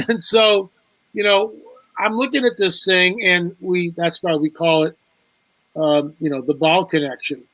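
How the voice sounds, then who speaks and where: A man's voice: high-pitched, fairly even intonation, a little slow, sharp tone, no echo, low-quality recording. A man, a guest author on a talk show, telling a story with animation, repeating words and acting out quoted dialogue.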